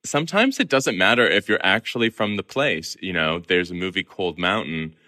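A man talking as a guest film columnist in a casual interview, animated and chuckling as he speaks. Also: low voice, normal speed, no room sound. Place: in Venice, remote.

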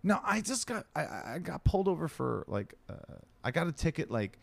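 A man's voice: a little high, fairly quick, creaky, dry recording. A man telling a story in casual chat, swearing freely and acting out the other people in it. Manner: animated, swearing, acts out other people's lines.

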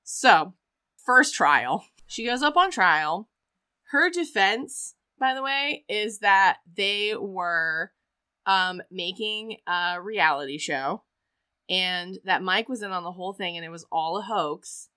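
A woman's voice: medium pitch, slow pace, smooth, no room sound. A woman hosting a casual podcast, telling a story with frequent laughs and acted-out quotes. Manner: animated, laughs often, acts out quotes. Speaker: podcast host.

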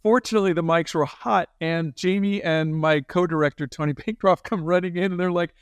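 A man talks through his stories in a relaxed interview, animated and quick to act out the people he quotes. His voice sits a little high and rings clear and smooth. The recording is dry and close. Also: no echo. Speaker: guest, animator and film director. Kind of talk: casual interview storytelling.

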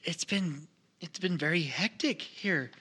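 A man's voice: on the high side, measured pace, sharp tone, breathy edge, heavily acted. A man voicing a small, nervous gnome who stammers and repeats himself in a flustered rush. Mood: frantic.

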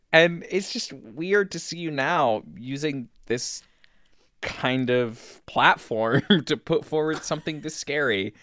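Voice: mid-range voice, fairly bright tone, dry recording. A performer voicing a spiteful, passive-aggressive older aunt who talks in a sugary drawl with giggles, in comedy improv. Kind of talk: comedy improv of social media comments.

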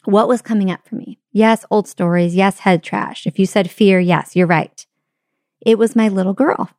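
A woman's voice: medium pitch, steady tone, normal speed, a little mellow, no echo, clean studio sound. A woman hosting a podcast, telling a personal story in a candid, chatty way and talking straight to her listeners at the microphone. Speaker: podcast host. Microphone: studio microphone.

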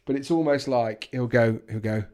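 A man co-hosting a podcast in casual chat, animated and stammering through restarts. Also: mid-range voice, normal speed. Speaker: podcast co-host.

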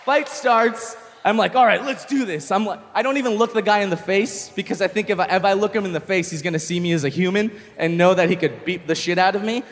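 A young man doing stand-up comedy, telling a story in an animated way, swearing freely and acting out shouts. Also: sits high, fast talker, few pauses, in a large hall.

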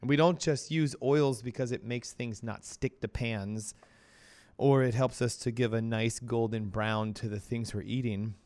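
A man hosting a casual health talk show, hoarse from laryngitis, energetic and chatty. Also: medium pitch, unhurried. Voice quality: coughing, strained voice. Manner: energetic, chatty, breaks into playful quoted voices. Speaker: radio show host.

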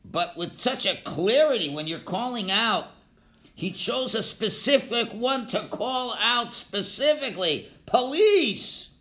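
Male Torah teacher, lively lecture delivery, bright and forceful tone, calls out examples loudly. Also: sits high, a little slow. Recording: echoey room.

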